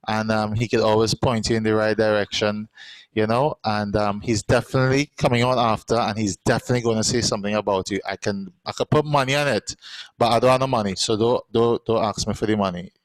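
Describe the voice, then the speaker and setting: A man's voice: on the low side, fairly even intonation, brisk, no echo, poor audio. A man hosting a live online show, chatty and encouraging, with a lot of "you know" and "um". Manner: chatty and encouraging, many fillers. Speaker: host.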